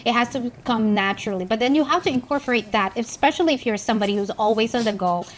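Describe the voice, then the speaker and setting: Calm, advice-giving woman co-host. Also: on the high side, fast, a little hiss or hum. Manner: calm, explanatory, gives practical advice. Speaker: podcast co-host. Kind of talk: casual chat.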